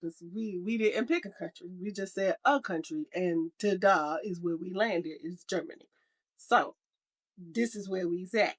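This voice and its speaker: A woman's voice: on the low side, measured pace. A woman co-hosting a podcast in casual chat, rambling and playful, laughing often. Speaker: podcast co-host.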